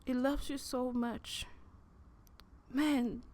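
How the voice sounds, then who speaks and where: A woman sharing a personal faith testimony in an earnest, halting way, often repeating words as she speaks. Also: sits high, little pitch movement, darkish tone, slight background noise.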